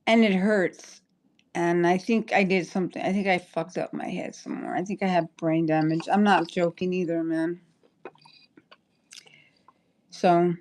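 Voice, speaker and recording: A woman's voice: lowish voice, steady tone, unhurried, pauses often, darkish tone. A woman chatting on a livestream, rambling and apologetic, stopping and restarting her sentences. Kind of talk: casual livestream chat.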